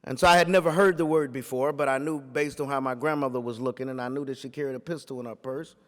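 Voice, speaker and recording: A man's voice: medium pitch, steady tone, fast. Male preacher at a lectern; story-driven talk in a preaching cadence, echoing hall. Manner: rhetorical, repeats phrases for emphasis, builds to forceful peaks. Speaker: pastor giving a talk.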